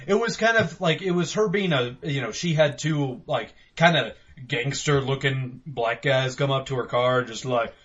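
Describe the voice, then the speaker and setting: Bright-voiced joking man, lo-fi. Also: mid-range voice, moderate pace, hardly any pauses. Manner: jokey, acts out silly shouted voices. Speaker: podcast co-host. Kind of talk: casual podcast chat.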